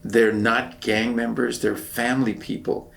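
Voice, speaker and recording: A man's voice: mid-range voice, flat delivery, a little slow, vocal fry, a bit bright. An older man, a veteran, speaking earnestly and reflectively in an oral history interview.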